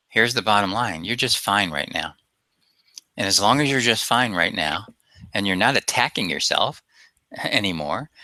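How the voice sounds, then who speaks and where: A man's voice: lowish voice, sharp tone, dry recording. A man presenting a self-help webinar as a coach, talking emphatically and asking rhetorical questions.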